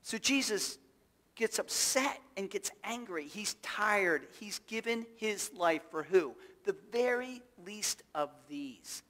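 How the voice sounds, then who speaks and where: A man's voice: sits high, expressive, slow pace, sharp tone, big-room sound. A male pastor delivering a sermon, emphatic and full of rhetorical questions to the congregation. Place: church sanctuary.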